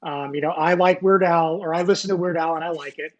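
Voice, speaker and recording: The muffled audio of a video call carries a slightly high, fast-talking male voice with fairly even intonation. He is an American in his forties and a former Navy nuclear technician, telling his story in a casual interview. He rambles with many fillers and restarts, nerdy and self-deprecating, joking about being a nerd.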